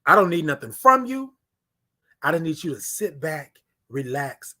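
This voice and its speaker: Man, fairly high voice, motivational stream host, repeats phrases, loud then hushed. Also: sing-song, a little slow. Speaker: morning show host. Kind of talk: motivational live-stream talk.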